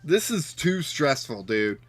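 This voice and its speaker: A man's voice: on the high side, very animated, slow, husky, soft background music. Exasperated man muttering through a card game. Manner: exasperated, talks to his opponent, swings from loud outbursts to muttered counting. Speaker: card game player and streamer. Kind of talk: live gameplay commentary.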